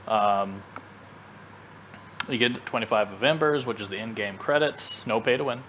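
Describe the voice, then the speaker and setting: A man with a fairly low voice co-hosts a gaming show in loose, casual chat. He rambles and restarts his sentences often. The recording is dull and lo-fi. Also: moderate pace, fairly bright tone, a little hiss or hum. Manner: rambling, with many fillers and restarts. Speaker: gaming channel co-host.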